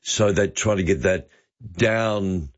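A man's voice: sits low, slow, muffled recording. An older man hosting a casual radio chat, talking in a hesitant way with many fillers. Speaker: radio host. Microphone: studio microphone with headphones.

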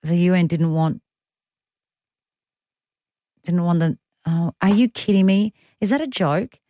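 An Australian woman hosts talkback radio, chatty and teasing, quick to joke with callers and her producer in casual conversation. Her voice is fairly low and mellow. It's recorded on a studio microphone, with studio-quality sound and no echo.

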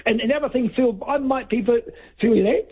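Australian male caller, high-pitched husky voice, blunt rambling talk, dull lo-fi line. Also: normal speed. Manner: rambling, blunt, emphatic, repeats himself. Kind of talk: talkback radio call. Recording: dull lo-fi call-in audio.

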